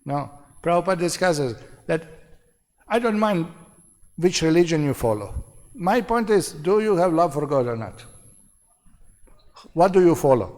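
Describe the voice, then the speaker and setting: A man's voice: on the high side, sing-song, unhurried, pauses often, a little mellow. A man giving a devotional seminar lecture in short, repeated phrases, asking his listeners rhetorical questions. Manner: asks the audience rhetorical questions. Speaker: seminar speaker. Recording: long hall reverb.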